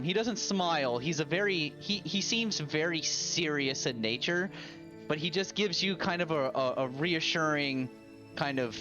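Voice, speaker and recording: A man narrating a tabletop game as game master, unhurried and casual. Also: on the high side, muffled recording. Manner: unhurried, with many fillers and restarts.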